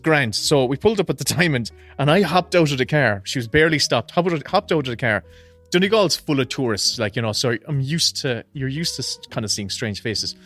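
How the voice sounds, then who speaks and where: A man's voice: medium pitch, fairly bright tone. An Irish man co-hosting a podcast, telling a story animatedly with frequent laughter and swearing. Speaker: podcast co-host. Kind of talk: casual storytelling chat.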